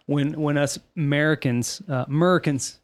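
Californian male podcast co-host, light higher voice, jokey, dry studio sound. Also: fairly even intonation, normal speed, no room sound. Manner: joking, laughs often, swears. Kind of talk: casual chat.

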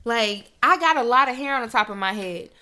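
A woman's voice: on the high side, animated, brisk, bright, forceful tone, a little hiss or hum. A young woman hosting a podcast, ranting in a heated, emphatic, profane casual talk. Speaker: podcast host.

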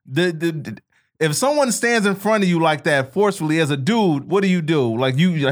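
Animated, profane man joking around. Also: fairly high pitch, a little fast. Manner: profane, animated, does mocking impressions. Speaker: podcast co-host. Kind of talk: casual comedic chat.

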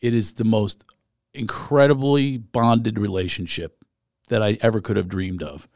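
A man interviewing a guest in casual chat, animated and teasing, often talking over him. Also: on the low side, a little slow, dry recording, studio quality.

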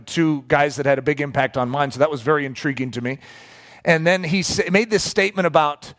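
A middle-aged man preaching in a storytelling way, animated and breaking into acted-out quotes. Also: on the high side. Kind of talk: storytelling sermon.

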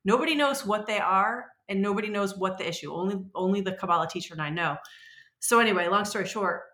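A woman in her forties, a podcast guest telling stories in a rambling, animated way and acting out the voices she quotes. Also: medium pitch, fast, roomy sound. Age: 40s. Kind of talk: casual conversational storytelling.

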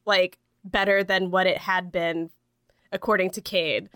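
A woman's voice: on the low side, steady tone, unhurried, a bit bright, no echo, studio quality. A young woman co-hosting a podcast in casual chat, rambling with lots of fillers and laughing easily. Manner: rambling, heavy use of "like", frequent laughs. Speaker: podcast co-host.

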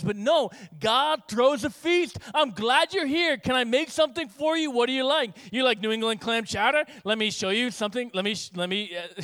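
Male pastor, light high voice, lively storytelling sermon with voiced dialogue. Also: clean tone. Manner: animated storytelling with acted-out dialogue.

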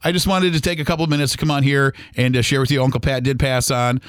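A man's voice: mid-range voice, level tone, fast, smooth, no echo. A middle-aged man hosting a podcast, talking in a casual personal monologue that rambles with many restarts. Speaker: podcast host.

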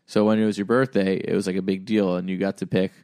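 A man's voice: deep voice, flat delivery, quick pace, a little mellow, clean tone, no room sound, studio quality. A young man hosting a comedy podcast, chatting casually and rambling with lots of fillers. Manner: rambling, filler-heavy musing. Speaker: podcast host.

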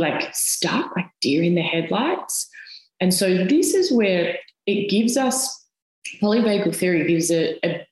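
A woman, a physiotherapist guest on a podcast, explaining things step by step with everyday comparisons. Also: deep voice. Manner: patient step-by-step explaining with analogies. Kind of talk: explanatory interview talk. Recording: roomy echoey sound.

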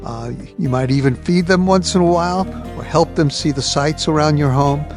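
A man's voice: a little high, normal speed, soft background music. A man hosting a ministry radio program, announcing an outreach and introducing a guest.

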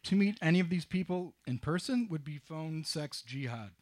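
A middle-aged man telling a wry, self-mocking personal story on stage, with halting restarts. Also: on the high side, lively intonation. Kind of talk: live storytelling.

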